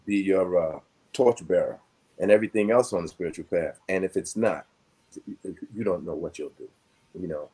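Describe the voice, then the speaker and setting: A man's voice: low voice, darkish tone, breathy edge. An older man telling a long personal story in casual conversation, reflective and rambling with many fillers. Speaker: guest.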